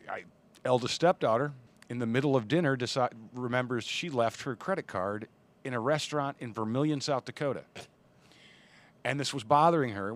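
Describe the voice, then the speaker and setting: A man co-hosting a casual podcast, telling stories in a dry, matter-of-fact way. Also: medium pitch. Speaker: podcast co-host. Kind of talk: casual pub chat.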